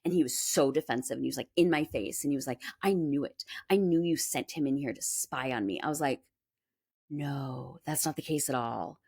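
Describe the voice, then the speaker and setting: A woman's voice: rumbling low, quick pace, few pauses, breathy edge. A woman being interviewed about her music school, telling stories in a chatty way and acting out what people said. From Minnesota, US. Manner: animated, acts out quoted voices. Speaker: guest, music school owner. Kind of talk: casual storytelling interview.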